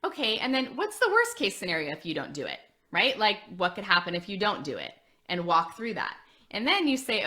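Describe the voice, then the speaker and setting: A woman in her forties, an admissions coach, giving chatty, animated advice to parents. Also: mid-range voice, normal speed. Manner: chatty, animated, addresses listeners as friends.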